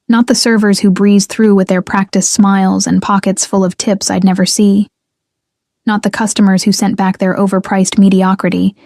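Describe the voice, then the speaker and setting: A young woman narrates a first-person story in a measured, restrained way. Her voice is mellow and dark, and her pitch stays very level. The sound is dry and close. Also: dry recording.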